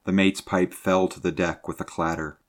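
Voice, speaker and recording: Man, deep voice, audiobook narration, measured, sea adventure. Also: little pitch movement.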